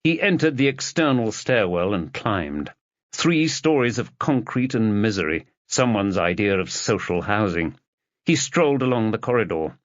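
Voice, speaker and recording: A man narrating an audiobook in a steady, measured storytelling voice. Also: fairly low pitch, no echo, lo-fi sound.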